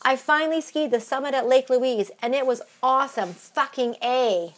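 A woman's voice: sits high, normal speed, voice pushed up, lightly acted. A woman voicing a chirpy, hockey-loving woman, speaking in a folksy way. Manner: folksy, peppered with eh and you betcha.

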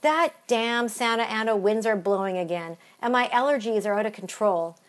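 A woman's voice: a little high, normal speed, lightly acted. A gushing valley girl, played by a woman, bubbly and dramatic. She keeps saying oh my God and dude and talks like a trend-chasing Angeleno.

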